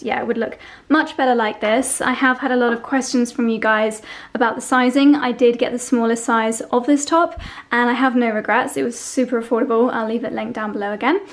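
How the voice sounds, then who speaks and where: A young woman, chatting casually through a fashion try-on vlog, gushing and easily sidetracked. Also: a little high. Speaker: fashion vlogger.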